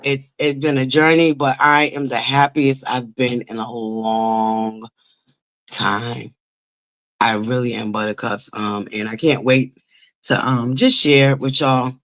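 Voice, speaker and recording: A woman's voice: extremely low pitch, steady tone, takes it slowly. A woman hosting a casual livestream from home, chatting and greeting viewers by name. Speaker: livestream host.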